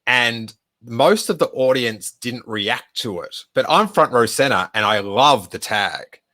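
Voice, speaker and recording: Podcast host, man in his 30s, bright voice, chatty rambling storyteller. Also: mid-range voice, animated, unhurried. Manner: chatty, rambling anecdote with many "like" fillers. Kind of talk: live stream Q&A storytelling.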